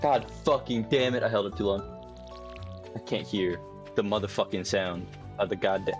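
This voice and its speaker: A young man with a lowish, fairly even voice talks at normal speed while music plays behind him. Streaming a farming game from a desk mic and webcam, he rambles, talks to himself, and swears often.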